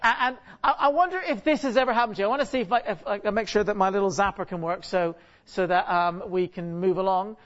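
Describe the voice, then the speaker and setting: Speaking from a church stage, a male guest preacher keeps his sermon chatty and jokey, peppering the congregation with rhetorical questions and often restarting sentences or repeating words. His voice is high-pitched, a bit bright, at a quick pace, on a dull lo-fi recording.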